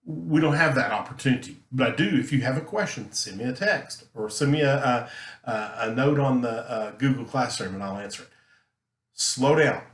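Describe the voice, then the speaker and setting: A man teaching a recorded lesson, talking earnestly and emphatically, deliberately slowing his delivery. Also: mid-range voice, lively intonation. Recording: roomy echo.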